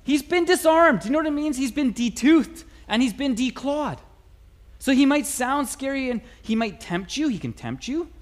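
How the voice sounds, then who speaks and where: A man preaching a sermon in a church, animated and conversational with playful asides. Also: very high voice, moderate pace. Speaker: pastor. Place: church sanctuary.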